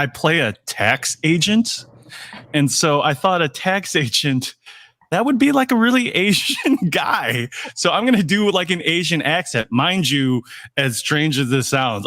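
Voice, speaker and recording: A man's voice: a little high, lively intonation, moderate pace, pushed and bright, no echo, clean studio sound. A man guest on a casual video-call interview, rambling with lots of fillers and repeated yeahs.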